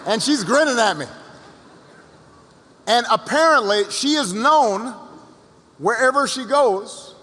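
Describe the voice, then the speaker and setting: A man giving a speech to an audience, telling a story with pauses and repeated words. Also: extremely high pitch, lively intonation, sharp tone. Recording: long reverb of a large hall.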